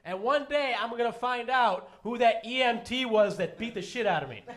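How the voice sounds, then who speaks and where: A male stand-up comedian performing on stage with a high-pitched voice. His delivery swings up and down, and he mocks himself as he goes. He stumbles through fillers and false starts between punchlines. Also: expressive, a bit bright. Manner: self-deprecating, halting with fillers and restarts. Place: comedy stage before a live audience.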